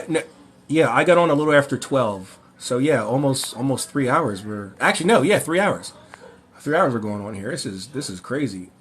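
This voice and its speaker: A man hosting a livestream Q&A, ranting and mocking in an animated way, often rambling and correcting himself. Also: medium pitch, a little hiss or hum. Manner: animated, mocking, breaks into laughter. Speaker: livestream host.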